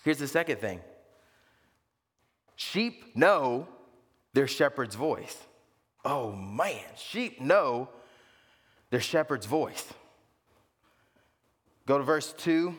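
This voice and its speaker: A man preaching a sermon as pastor, animated and leaping to high excited pitch for emphasis. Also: slow, long pauses. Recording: long reverb of a large hall.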